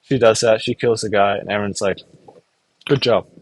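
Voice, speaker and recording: A man's voice: on the low side, little pitch movement, rough recording. Rambling young man recapping an anime. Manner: rambling, acts out characters in quick put-on voices. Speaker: anime reviewer. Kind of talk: casual recap.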